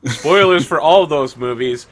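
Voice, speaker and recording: A man's voice: fairly high pitch, a little slow. A man narrating as game master of a tabletop game, rambling loosely with many fillers.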